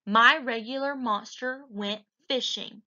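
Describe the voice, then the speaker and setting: A polite but very picky young boy in a storybook, as a woman reads him aloud. The voice is bright and crisp, at an unhurried pace. It is heard through a dull, lo-fi recording. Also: a little high, exaggerated voice.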